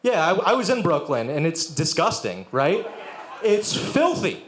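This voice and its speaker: A man's voice: fairly high pitch, big pitch swings, measured pace, fairly bright tone, a little hiss or hum. A young man doing a sardonic stand-up set with crowd work and profanity at a live venue. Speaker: stand-up comedian. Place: live music venue with audience. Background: audience laughter.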